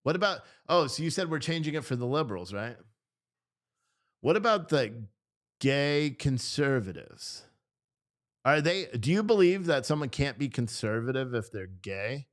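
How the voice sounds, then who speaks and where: A man's voice: mid-range voice, sing-song, moderate pace. A man hosting a casual political commentary stream, talking in a rambling, profane way that keeps interrupting itself. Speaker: host.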